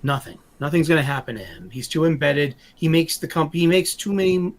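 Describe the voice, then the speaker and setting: A man's voice: fairly high pitch, brisk. A man hosting a podcast in casual chat, rambling and often stumbling over his words. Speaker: podcast host.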